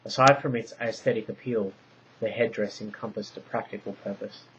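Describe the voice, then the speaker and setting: Guy reading out a story, deep-ish voice, steady pace, muffled lo-fi audio. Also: slight background noise. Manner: measured, descriptive reading. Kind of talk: scripted narration. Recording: dull lo-fi recording.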